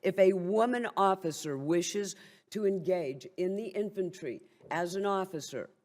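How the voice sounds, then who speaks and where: A woman's voice: lowish voice, measured pace, darkish tone. An older woman who is a military veteran gives an impassioned, blunt and wryly indignant speech at a briefing. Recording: long hall reverb.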